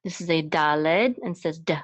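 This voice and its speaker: This woman patiently explains every Hebrew letter and sound in a slow, stepwise lesson, singing phrases as she chants them. She has a deep voice and speaks at normal speed.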